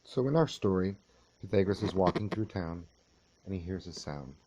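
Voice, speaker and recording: A man teaching a course, lecturing and telling a story in a measured, unhurried way with halting restarts. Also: deep voice, animated, warm tone, slight background noise. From California.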